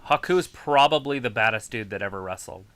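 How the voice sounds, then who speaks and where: A man's voice: lowish voice, expressive, fairly quick, fairly bright tone, slight background noise. A man co-hosting a wrestling watch-along, giving laid-back commentary with dry remarks. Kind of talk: casual match commentary.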